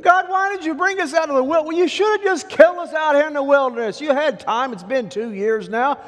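A man's voice: very high voice, normal speed, voice pushed up. A man voicing a panicked crowd of ancient Israelites, whining and wailing in a melodramatic way. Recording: long hall reverb.

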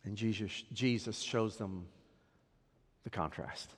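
A man preaching a sermon as a pastor, swinging from loud emphatic peaks down to hushed, quiet drops. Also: lowish voice, slow pace, breathy edge. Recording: long hall reverb.

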